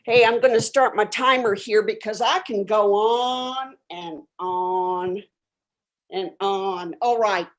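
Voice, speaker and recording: A woman's voice: fairly high pitch, fairly even intonation, moderate pace, hardly any pauses, natural voice. A woman playing a flaky, self-absorbed new-age guru of sex and spirit, rambling dreamily in improvised character comedy over a video call from a bedroom. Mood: spacey. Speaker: improv performer. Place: home bedroom.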